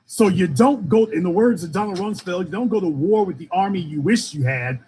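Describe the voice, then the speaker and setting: A man's voice: sits high, a little fast, a little mellow, a little hiss or hum. A man hosting a political call-in show, talking in a fiery, emphatic way and hammering his points home with repetition.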